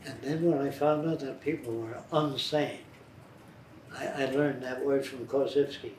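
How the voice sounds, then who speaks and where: A man's voice: medium pitch, steady tone, measured pace, darkish tone. An older man being interviewed, telling blunt, rambling life anecdotes. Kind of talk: biographical storytelling. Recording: roomy, distant, faint noise.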